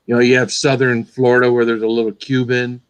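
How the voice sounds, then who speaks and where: Relaxed man explaining in a chat. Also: medium pitch, fast, clean tone, no room sound, dull audio. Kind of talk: casual chat. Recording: dry close sound.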